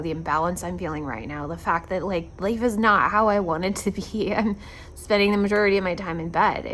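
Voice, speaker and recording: Tired woman in her 30s talking to her phone in the yard, hurting, slightly low voice, halting and whispery at times, faint noise around. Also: fairly bright tone. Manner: reflective, halting, many fillers, drops to whispers. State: in pain and tired. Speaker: vlogger recovering from surgery. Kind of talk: casual video diary. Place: outdoors in a backyard at sunset.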